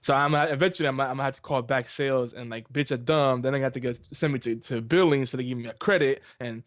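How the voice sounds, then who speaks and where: A man's voice: medium pitch, quick pace, no echo, clean studio sound. A man co-hosting a podcast in casual chat, easygoing, swearing and saying "dude" as he vents. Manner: casual and laid-back, says "dude", swears. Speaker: podcast co-host.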